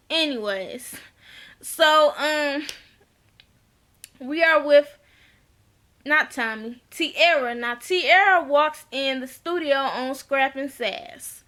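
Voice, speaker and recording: A woman's voice: sits high, slow, long pauses, bright, forceful tone. A woman casually recapping a reality TV episode, chatty and blunt, swearing freely and acting out what people said. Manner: chatty, acts out quoted dialogue, laughs often. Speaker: TV recap vlogger.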